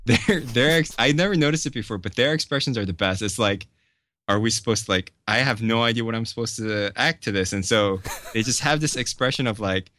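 A man's voice: mid-range voice, fairly quick, bright, forceful tone, a little hiss or hum. A man talking casually on a podcast, telling stories with lots of fillers and laughter.

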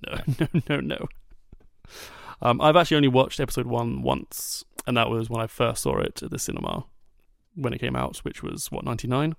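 A man chatting casually on a podcast, wry and quick to laugh, with frequent asides. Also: medium pitch, wildly swooping pitch, creaky, no room sound, studio quality.

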